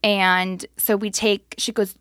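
Podcast co-host, woman, casual self-deprecating storyteller, mid pitch, dry. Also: little pitch movement, slow pace, a bit bright, smooth, no echo. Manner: self-deprecating, laughing through stories.

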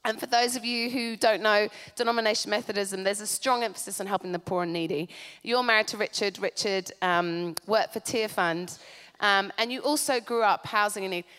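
A woman's voice: mid-range voice, fairly bright tone. A New woman interviewing guests on stage, effusive and gushing. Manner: effusive, gushing, quick to tears. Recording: hall reverb.

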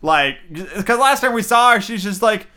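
A young man giving a casual, rambling movie review, excitable and full of fillers and swearing. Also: very high-pitched, normal speed, clear, resonant tone.

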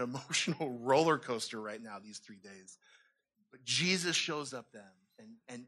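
A man preaching with a high, bright voice that stays animated. He slips into playful voices for the people in his stories and jokes along the way. His sermon talk is lively and easygoing. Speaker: pastor.

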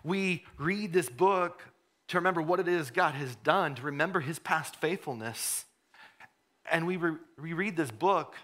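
A man preaching a sermon, conversational, repeating words as he goes, then rising to fervent emphasis and dropping to a hush. He says he has a cold. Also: fairly high pitch. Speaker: pastor.

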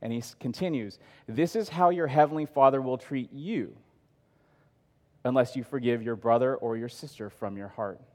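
A man's voice: mid-range voice, moderate pace. A man preaching a sermon, reading scripture and adding casual, conversational asides. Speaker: pastor. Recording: long hall reverb.

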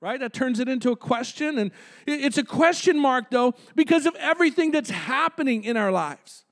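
High-voiced man preaching a sermon. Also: expressive, normal speed. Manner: conversational preaching with audience call-outs. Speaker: pastor. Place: church sanctuary.

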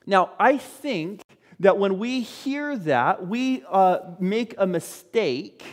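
A man preaching a sermon as a pastor, speaking in a lively way to his congregation. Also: high voice, in a large hall.

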